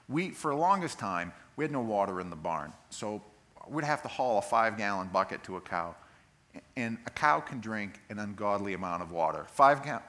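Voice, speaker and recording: A man preaching a sermon, telling the story in a lively way and acting out the voices of the people in it. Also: mid-range voice. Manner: animated storytelling, acts out voices. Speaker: pastor.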